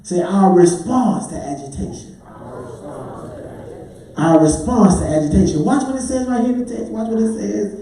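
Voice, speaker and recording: A pastor preaches a sermon in a large church sanctuary, his rhythmic delivery building to sung, hollered climaxes. His voice sits high, creaky yet mellow, with lively intonation and a moderate pace. The mic is distant and the hall echoes.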